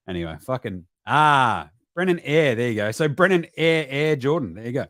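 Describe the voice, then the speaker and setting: A man's voice: mid-range voice, moderate pace, hardly any pauses, no echo. Sweary Australian man, dry close sound. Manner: sweary, animated, breaks into mocking put-on voices and sudden shouts. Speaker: basketball podcast host. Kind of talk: profane casual live-stream commentary.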